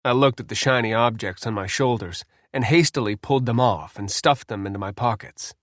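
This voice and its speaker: A man reads a wartime memoir in a measured, deliberate voice at a middle pitch. The recording is close and dry, with no room sound at all. Each sentence is laid out steadily. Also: fairly bright tone, no echo. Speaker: narrator. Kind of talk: scripted narration.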